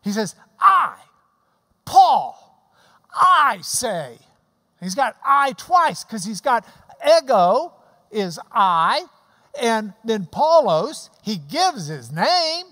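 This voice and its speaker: A pastor preaching a sermon, telling stories and explaining scripture in an animated way and acting out the clapping. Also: medium pitch, slow pace. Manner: animated storytelling, mimics clapping. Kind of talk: sermon with Bible teaching. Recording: long hall reverb.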